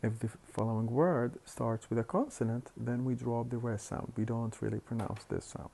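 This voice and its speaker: A man lecturing on phonetics, explaining slowly and deliberately with hesitant fillers and repeated words. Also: mid-range voice, gravelly, warm tone. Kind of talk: recorded university lecture.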